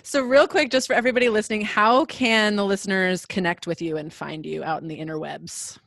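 A woman's voice: medium pitch, steady tone, a little fast, vocal fry, fairly bright tone, no echo, clean studio sound. A woman hosting a podcast, speaking in a gushing, enthusiastic and affirming way. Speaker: podcast host. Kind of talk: casual conversational interview.

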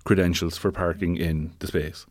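A man's voice: deep voice, little pitch movement, normal speed, crowd noise. A man co-hosting a casual chat show, talking conversationally with wry asides and plenty of fillers. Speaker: podcast co-host.

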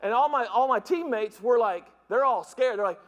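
A man's voice: very high voice, normal speed. A middle-aged man from the northern United States preaching a humorous sermon in a church, joking and mimicking voices as he tells stories. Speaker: pastor. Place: church sanctuary. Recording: reverberant church hall.

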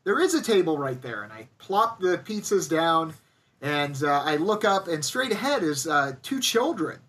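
A man's voice: on the high side, big pitch swings, moderate pace, fairly bright tone, far from the mic. A young man casually telling a funny story, animatedly acting out other people's lines. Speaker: storyteller guest. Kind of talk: casual anecdote on a podcast.

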